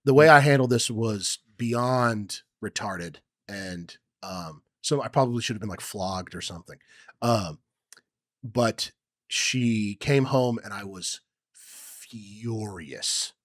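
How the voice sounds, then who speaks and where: A young man co-hosting a podcast who tells a personal story in a rambling way, with many ums, and acts out quotes loudly. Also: on the low side, takes it slowly, dry recording, studio quality. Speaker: podcast co-host. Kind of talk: casual chat, personal story.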